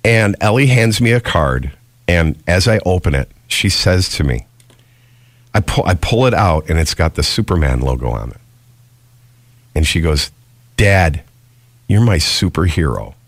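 A middle-aged man hosting a morning radio show, telling stories in casual banter with a swooping, animated delivery. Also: normal speed, long pauses, no echo. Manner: animated storytelling, swooping pitch.

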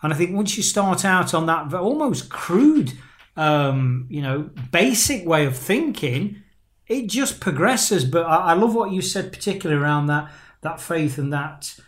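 A man hosting an interview who asks thoughtful questions, pausing to search for his words. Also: on the high side, animated. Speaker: podcast host. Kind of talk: casual interview chat.

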